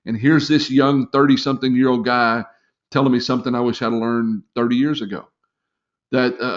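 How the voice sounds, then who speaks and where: A middle-aged man training salespeople in a live webinar, chatty and encouraging, with lots of fillers. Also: medium pitch. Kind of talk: casual live webinar talk. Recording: slightly dull lo-fi webinar audio.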